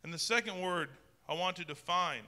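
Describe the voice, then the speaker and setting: Bright-voiced pastor preaching in a reverberant hall. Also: male voice, sits high, moderate pace. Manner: conversational preaching with frequent restarts. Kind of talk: sermon. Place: church sanctuary with long reverb.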